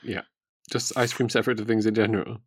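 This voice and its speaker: A man with an English accent co-hosting a casual chat, laughing often and dropping wry, deadpan quips. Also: on the low side, quick pace, husky, no echo, studio quality. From England. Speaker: podcast co-host.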